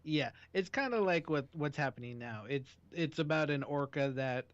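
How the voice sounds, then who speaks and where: A man's voice: on the high side, expressive, moderate pace, no room sound, lo-fi sound. A man co-hosting a talk radio show, chatting casually with dry, joking asides. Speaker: radio co-host.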